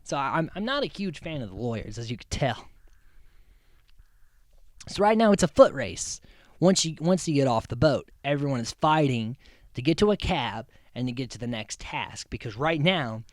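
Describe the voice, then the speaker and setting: A man's voice: medium pitch, expressive, a little fast, no echo, studio quality. A man hosting a casual recap podcast, rambling and amused, with many restarts and frequent laughs. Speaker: podcast host.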